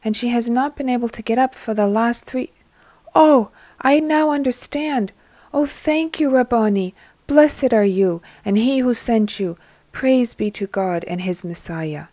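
A woman voicing an anxious old father who begs for his sick daughter, speaking higher and louder than her own narration. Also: unhurried, no echo. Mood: grateful. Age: older. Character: pleading old male beggar, anxious father.

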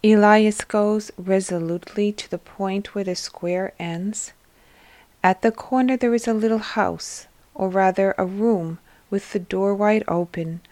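A woman reads a devotional text aloud as host, gentle and measured. She takes her time, and the recording sounds dry and close. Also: mid-range voice, fairly even intonation, no room sound. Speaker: host and reader. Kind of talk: devotional scripture reading.

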